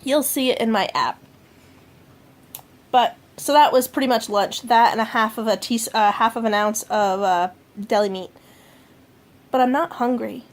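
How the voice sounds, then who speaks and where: A fairly high-voiced vlogger speaks at normal speed while recording her daily food intake at home. It's casual and rambling, full of fillers and corrections to herself.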